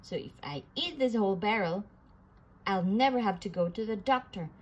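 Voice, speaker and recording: A woman voicing a goofy, easygoing male cartoon dog in a storybook read-aloud, dopey and low. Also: lively intonation, moderate pace, muffled recording, lightly acted. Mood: silly.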